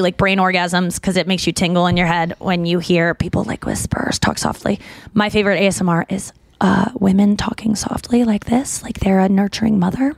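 A woman's voice: mid-range voice, no echo. A woman hosting a podcast, chatting casually and rambling with lots of fillers and restarts. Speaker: podcast host. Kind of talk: casual chat.

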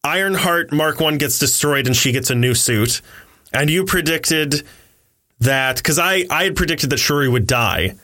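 A young man with a bright, forceful voice, reviewing a film in a loose, joking podcast chat. His delivery is animated and he laughs easily. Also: a little high, normal speed. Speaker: podcast co-host. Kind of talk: casual movie review chat.

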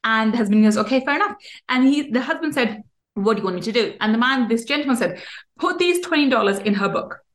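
A woman's voice: a little high, lively intonation, quick pace. A woman hosting a podcast, giving an earnest motivational monologue with many restarts and fillers. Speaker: podcast host.

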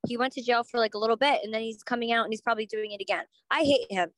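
Woman, podcast co-host, blunt outspoken chat, slightly high voice, dry close sound. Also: racing, dry recording, poor audio. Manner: blunt and outspoken, swears freely. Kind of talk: casual chat.

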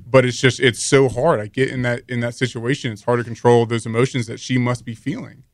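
A man's voice: medium pitch, flat delivery, brisk, no room sound. Man, podcast guest, heartfelt and rambling, dry close sound. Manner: open, rambling, heartfelt, with many fillers. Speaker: guest, husband. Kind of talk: casual podcast conversation.

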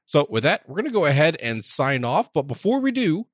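A man's voice: on the high side, big pitch swings, fairly quick, no room sound, clean studio sound. A man hosting a podcast, signing off and setting up a clip for next week. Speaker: podcast host. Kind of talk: show sign-off.

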